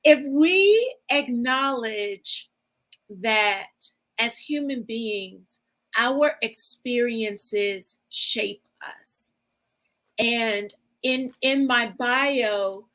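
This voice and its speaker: A woman guest speaker and relational coach giving a measured, explanatory interview answer. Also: fairly high pitch, a bit bright, rough recording.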